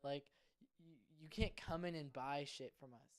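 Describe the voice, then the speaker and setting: A young man co-hosting a casual podcast, rambling excitably and swearing freely. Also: fairly high pitch, moderate pace. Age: young adult. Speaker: podcast co-host. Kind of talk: casual chat.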